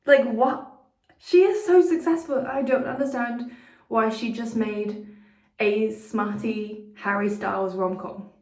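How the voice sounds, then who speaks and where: A young woman vlogging to camera in a chatty, excitable, self-mocking way. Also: on the high side. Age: young adult. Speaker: student vlogger. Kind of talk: casual vlog talk to camera. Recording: echoey room sound.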